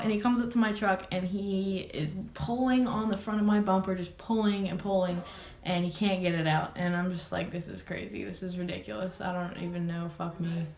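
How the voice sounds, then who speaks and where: A young adult woman casually telling a dramatic personal story on her vlog, swearing, laughing and exaggerating as she goes. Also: medium pitch. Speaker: vlogger. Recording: echoey room.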